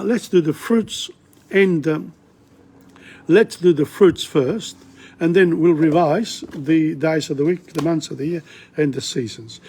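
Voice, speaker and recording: An older man teaches a language at home in a slow, chatty, rambling way, often correcting himself along the way. His voice is on the high side and a little mellow, with slight background noise.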